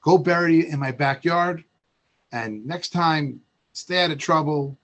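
A man's voice: a little high, unhurried. A man doing a reluctant old friend. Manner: reluctant, hushed. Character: hesitant older man, father's friend.

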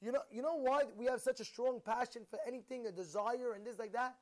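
A man's voice: very high-pitched, brisk. A man speaking as a rabbi, delivering a sermon full of rhetorical questions and storytelling to his audience.

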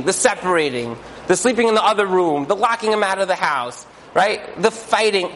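A man giving an animated religious talk, acting out inner voices and asking rhetorical questions. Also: a little high, a little hiss or hum, poor audio. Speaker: Jewish teacher.

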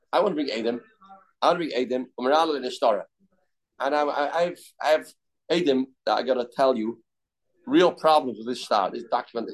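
A man's voice: medium pitch, low-quality recording. A man teaching a daily Talmud class, explaining loosely with restarts and of terms.

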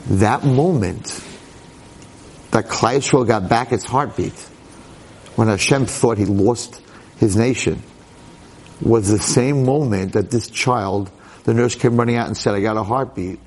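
A man giving a storytelling Torah lecture as a rabbi, dramatic and conversational, swinging from hushed lines to excited exclamations. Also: medium pitch, unhurried, pauses often. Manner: conversational, with frequent asides.

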